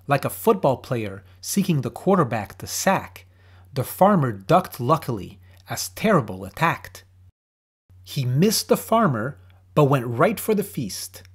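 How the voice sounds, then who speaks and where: A man narrating a rhyming children's story with a lively, sing-song delivery. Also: fairly high pitch, husky.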